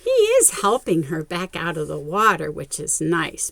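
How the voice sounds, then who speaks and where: A woman narrating a picture book aloud to young children, with expressive gasps and remarks spoken straight to her listeners. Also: sits low, a little slow, creaky, no room sound. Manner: talks directly to young viewers. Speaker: children's story reader.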